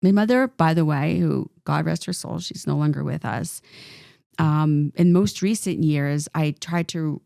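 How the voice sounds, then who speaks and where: A woman co-hosting a podcast, telling a personal story in an animated, rambling way with lots of filler words. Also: low-pitched, a little slow, vocal fry, dry recording, clean studio sound. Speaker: podcast co-host. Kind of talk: casual storytelling chat.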